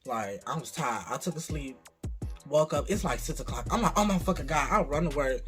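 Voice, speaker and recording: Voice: medium pitch, fairly quick. Young adult vlogger, casual storytime, lots of swearing, faint music behind. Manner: profane, animated storytelling.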